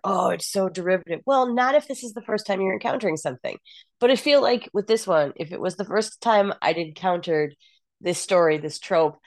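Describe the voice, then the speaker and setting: Low-voiced woman giving frank opinions. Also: dry recording, studio quality. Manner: frank, animated, sighing opinions. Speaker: podcast co-host. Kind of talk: casual chat.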